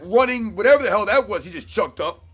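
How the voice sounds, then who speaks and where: High-voiced excited man calling the game. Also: quick pace, breathy edge. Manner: animated, emphatic, repeats points. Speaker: co-host of live game reaction stream. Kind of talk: excited live game commentary.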